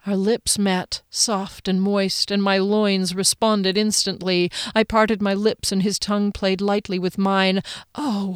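A woman narrating a first-person audiobook in an expressive, bubbly way, her pitch leaping up on excited lines. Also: dry recording, clean studio sound.

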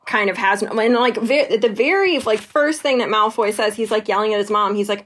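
A woman's voice: mid-range voice, fairly even intonation, normal speed, few pauses, a bit bright. A woman co-hosting a podcast, chatting casually about a book with lots of fillers and acted-out quotes. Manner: chatty, many fillers, acts out quoted lines. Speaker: podcast co-host.

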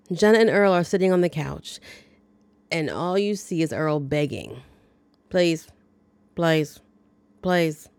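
Low-voiced woman recapping a movie, wry. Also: darkish tone, no room sound. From lives in the American South. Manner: chatty, wry, dryly joking. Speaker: podcast host.

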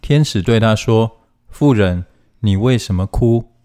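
A man reading Bible passages aloud in a steady, formal manner, phrase by phrase. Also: lowish voice, a little slow. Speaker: scripture reader.

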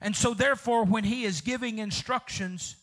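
A man pastor, preaching a fervent sermon, calling out to the congregation, with sudden shouts and soft drops. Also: high-pitched, normal speed. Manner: calls out to congregation.

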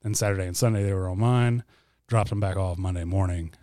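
A man's voice: sits low, brisk, dark tone, no echo, clean studio sound. A man in his thirties, co-hosting a podcast and telling candid, self-mocking stories about his life in casual chat. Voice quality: voice turns gravelly when whispering. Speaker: podcast co-host and guest.

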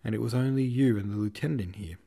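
A man voicing a hot-tempered male hussar officer who lisps, blusters and curses as he shouts. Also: mid-range voice, fast, creaky. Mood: furious. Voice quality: lisping.

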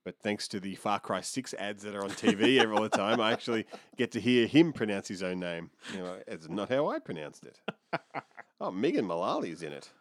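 A man co-hosting a podcast chats casually, rambling and restarting his sentences. His low voice swings widely in pitch. It sounds dry and close. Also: fairly quick, no room sound. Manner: rambling, hesitant, animated. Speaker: podcast co-host. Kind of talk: casual chat.

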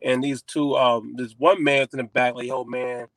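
A man who is a comedian, telling stories in animated casual chat with plenty of swearing. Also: medium pitch, moderate pace, creaky, no echo. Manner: animated storytelling with frequent profanity.

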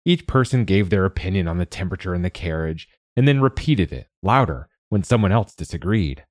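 A man narrating a children's story in a measured, gentle reading. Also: low voice, animated, no echo.

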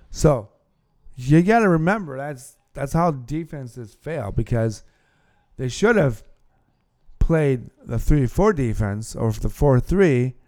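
Sports podcast host, male, mid pitch, smooth resonant voice, rambling explainer. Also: a little mellow. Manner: explains plays at length, with fillers and restarts. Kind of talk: casual sports chat.

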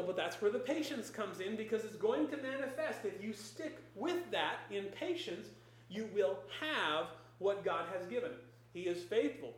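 A preacher delivering a sermon in emphatic, repeated declarations. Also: medium pitch. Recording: very echoey room.

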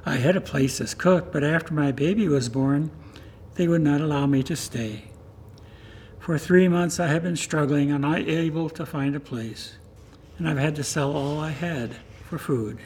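A poor young mother, a soldier's wife, speaks wearily and pleads for help, as a man reading a story puts her on. The voice sits a little high but stays plain and close to his own. Faint noise hums underneath. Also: normal speed, a little mellow, natural voice. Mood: weary. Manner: weary, pleading.

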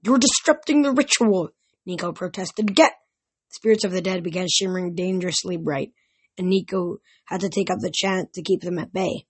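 A woman reading a novel aloud in steady audiobook narration. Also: on the low side, brisk, breathy edge. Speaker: reader.

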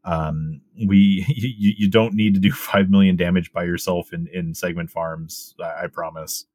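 A man co-hosting a casual gaming podcast, calmly explaining how group play works. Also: sits low, moderate pace, dry recording, studio quality. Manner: explanatory, laid-back. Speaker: podcast co-host.

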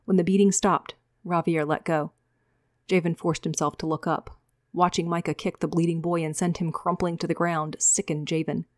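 A woman author reads her own fantasy novel in a steady, measured storytelling voice. Her pitch sits a little low, and the recording is dry and close. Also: dry recording.

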